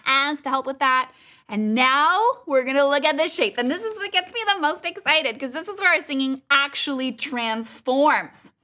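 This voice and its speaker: A woman's voice: sits high, pushed and bright. A woman teaching a live online singing lesson, upbeat and playful, showing exercises with sung sounds over a video call. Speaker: vocal coach.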